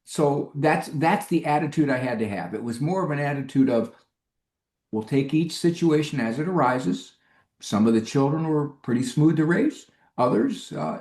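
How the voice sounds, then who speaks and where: A man's voice: a little mellow, roomy sound. A middle-aged man, a psychologist, telling humorous stories in an interview and acting out quoted voices. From United States. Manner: humorous, acts out quoted voices with big pitch jumps. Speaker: clinical psychologist and guest. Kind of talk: animated storytelling interview.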